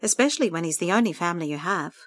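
A woman reading a story aloud, voicing a kind woman friend who speaks gently and encouragingly. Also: fairly low pitch, lively intonation, very fast, dry recording, studio quality.

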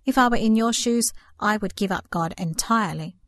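A woman's voice: mid-range voice, a little fast, dry recording, close to an everyday voice. A woman voicing a tearful, fretful middle-aged aunt in a storybook reading, exclaiming in distress.

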